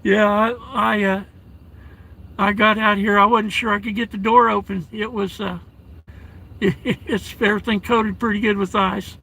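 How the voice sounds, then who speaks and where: Sitting in his parked vehicle at home during a blizzard, a man runs a casual live stream, reading viewers' comments aloud and calling them darling and brother. His high, bright voice is husky with vocal fry and a flat delivery, and his halting speech is full of restarts and soft fillers on a rough recording.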